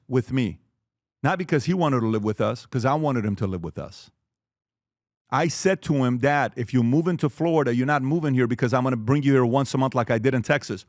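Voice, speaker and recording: A man's voice: mid-range voice, a little fast, darkish tone, no room sound. Forties guy giving a heartfelt talk, mid voice, dead dry no room. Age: 40s. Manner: earnest, preaching, asks the audience questions. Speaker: speaker. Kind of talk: motivational talk.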